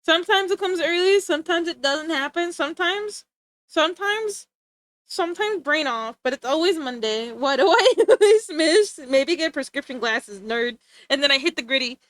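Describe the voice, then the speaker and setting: Young female streamer, giggly and mock-tough, high pitch, dry home mic. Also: expressive, moderate pace, fairly bright tone, no echo. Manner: playful, giggly, mock-threatening. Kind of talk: casual live-stream chat.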